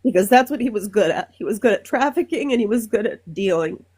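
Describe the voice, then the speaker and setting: A woman's voice: mid-range voice, animated, a little mellow, slightly rough. Earnest woman caller from Minnesota. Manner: earnest, emotional, halting with fillers. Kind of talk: casual call-in talk.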